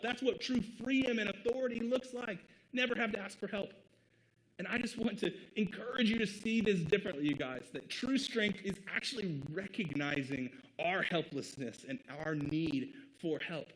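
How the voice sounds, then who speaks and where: A man's voice: high-pitched, poor audio. A man from the American Midwest preaching a sermon as pastor in an earnest, conversational way, with short laughs between points. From Midwest United States.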